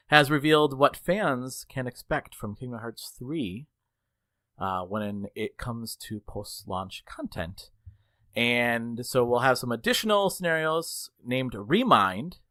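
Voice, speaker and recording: A man hosting a podcast, telling a work story in casual chat, acting out the people he quotes. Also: no room sound. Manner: animated storyteller, acts out quotes with big pitch jumps. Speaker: podcast host.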